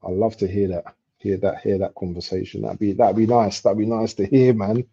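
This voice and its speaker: Brief: young male streamer, low, mellow and husky, excitable about chances, lo-fi mic. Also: brisk. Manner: slangy, excitable outbursts at chances. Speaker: football watchalong streamer. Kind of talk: casual live commentary chat. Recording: dull lo-fi stream audio.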